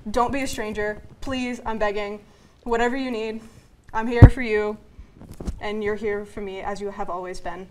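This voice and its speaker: A woman's voice: mid-range voice, steady tone, normal speed, noisy background. A young woman from a student TV show cast giving an earnest, emotional farewell speech. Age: young adult.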